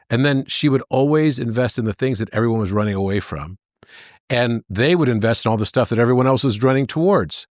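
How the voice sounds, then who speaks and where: A man as a podcast guest, telling anecdotes in an animated way and jumping into high voices for the characters. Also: quick pace, dry recording, clean studio sound. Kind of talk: conversational storytelling.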